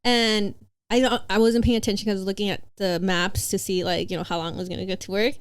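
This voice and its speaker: Woman guest on a podcast, clear smooth voice, lots of ums while she tells it. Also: mid-range voice, level tone, quick pace. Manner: hesitant, many fillers and restarts. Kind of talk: casual chat.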